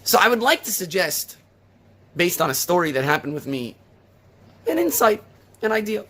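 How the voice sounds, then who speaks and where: A male rabbi preaching a sermon, firing off rhetorical questions and retelling a story with lively emphasis. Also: sits high, moderate pace.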